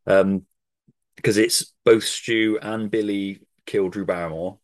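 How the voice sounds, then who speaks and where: A man's voice: fairly low pitch, fairly even intonation, slow, darkish tone, dry recording. A man hosting a casual podcast chat about a horror film, eager and sweary, acting out lines from it. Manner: enthusiastic, swears, acts out quotes. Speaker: podcast host.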